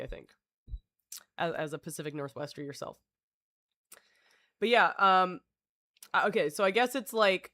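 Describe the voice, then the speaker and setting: A woman's voice: lowish voice, fairly bright tone, dry recording. A woman streamer chatting casually with her viewers, rambling, reading passages aloud, swearing freely and chuckling.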